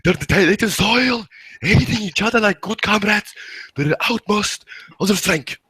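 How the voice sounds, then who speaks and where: A man putting on a pompous dictator speech as a joke, with long dramatic pauses. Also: sits high, pushed and bright, husky, dry recording, heavily acted. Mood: mock oratory. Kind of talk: comic speech impression among friends.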